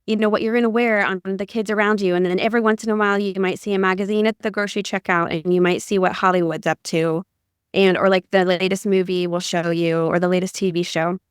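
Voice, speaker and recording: A middle-aged woman from Ohio talks in a chatty, rambling way, full of "like"s. Her voice is smooth and clear, recorded close and dry with no room sound. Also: mid-range voice, steady tone, quick pace, dry recording. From Ohio, USA. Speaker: podcast co-host. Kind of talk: casual conversation.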